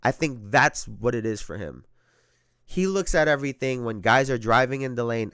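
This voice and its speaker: A man's voice: medium pitch, lively intonation, normal speed, a bit bright, clear, resonant tone, dry recording, clean studio sound. A man hosting a sports podcast, talking casually and with a lot of profanity, often repeating himself and breaking into laughter.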